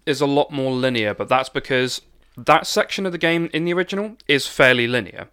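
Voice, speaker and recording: A man's voice: mid-range voice, fairly quick, pushed and bright, clean tone. A man in a casual podcast chat, explaining game details with hedges and stammered starts. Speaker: podcast co-host.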